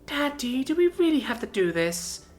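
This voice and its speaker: A man's voice: big pitch swings, normal speed, faint music behind. A man putting on a pleading young daughter. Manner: pleading, high and tearful. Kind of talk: storybook narration.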